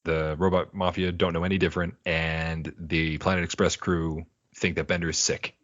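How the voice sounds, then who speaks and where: A man's voice: low-pitched, moderate pace, dry recording, lo-fi sound. A man co-hosting a podcast, rambling through a casual episode recap and slipping into character quotes. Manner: rambling, animated retelling with put-on character quotes. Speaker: podcast co-host.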